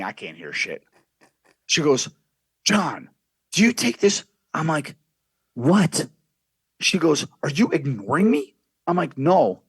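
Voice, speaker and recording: A man's voice: mid-range voice, a bit bright, husky, no echo. A man telling a brash, profane story as a guest on a casual podcast.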